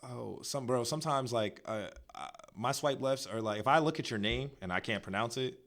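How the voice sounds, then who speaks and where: A young man co-hosts a podcast, chatting and joking casually with plenty of filler words. His voice is medium-pitched and a bit bright, at a normal speed.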